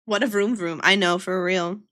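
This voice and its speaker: A woman's voice: mid-range voice, fairly even intonation, moderate pace, fairly bright tone. A young woman streaming casually while she draws, chatting playfully with her viewers. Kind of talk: casual livestream chat while drawing.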